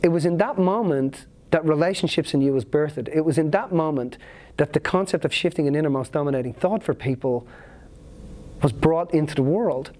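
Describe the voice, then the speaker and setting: A man's voice: fairly high pitch, a little fast, darkish tone. A man speaking at a seminar, telling a personal story in an earnest, emotional, vivid way.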